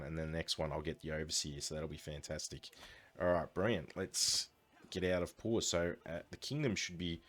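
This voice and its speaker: A man giving casual, upbeat commentary as he plays a strategy game and thinks aloud. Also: low-pitched. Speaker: let's play host.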